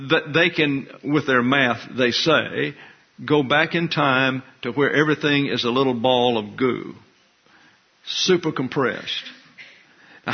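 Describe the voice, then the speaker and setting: A man's voice: medium pitch, highs cut off. An older man preaching a sermon, folksy and teasing, with asides to the congregation. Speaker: pastor.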